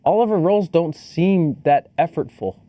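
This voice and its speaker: Man, podcast co-host, mellow voice, dry room, joking, casual swearing. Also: fairly high pitch, lively intonation, moderate pace, no echo. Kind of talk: casual movie review chat.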